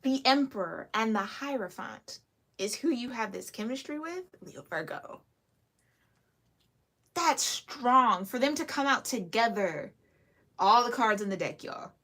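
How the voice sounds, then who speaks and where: A woman giving a casual tarot reading to camera, chatty and giggly with lively asides. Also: a little high, moderate pace. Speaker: tarot reader.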